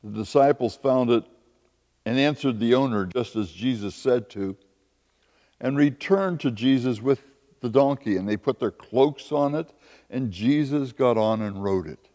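A man's voice: mid-range voice, a little slow, dark tone, big-room sound. A man preaching a sermon as a pastor, with emphatic, repeated lines.

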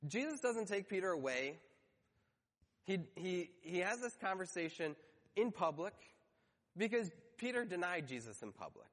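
High-voiced man preaching in a reverberant hall. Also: very animated, moderate pace, a bit bright. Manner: storytelling, acts out quoted voices briefly. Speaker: pastor. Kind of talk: sermon.

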